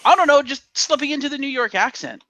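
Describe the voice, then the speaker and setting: A man co-hosting a casual podcast, teasing and animated. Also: very high-pitched, fast talker, no echo. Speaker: podcast co-host. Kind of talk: casual chat.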